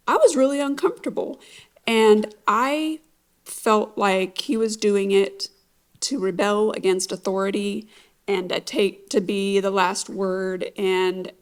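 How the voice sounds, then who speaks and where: A middle-aged woman recounts a painful stretch of her marriage in a reflective, halting way. She speaks slowly, with pauses and fillers between thoughts. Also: mid-range voice. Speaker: interview guest. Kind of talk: emotional personal testimony.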